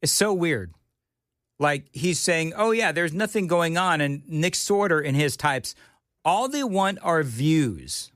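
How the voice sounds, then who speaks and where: A man's voice: fairly high pitch, animated, takes it slowly, a bit bright, dry recording, clean studio sound. A male talk radio host delivering an indignant, opinionated monologue with mocking asides. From United States. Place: radio studio.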